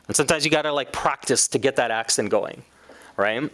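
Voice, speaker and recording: Man teaching a relaxed class in a dry room. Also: medium pitch, fairly quick, no echo. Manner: conversational, acts out quoted voices, laughs now and then. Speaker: Islamic studies teacher. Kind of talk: casual classroom lecture.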